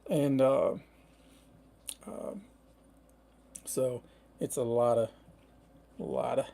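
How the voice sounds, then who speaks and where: A man's voice: medium pitch, very slow, gravelly, dark tone. A middle-aged man hosting a casual livestream, rambling in a laid-back way with lots of fillers. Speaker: van-life livestream host.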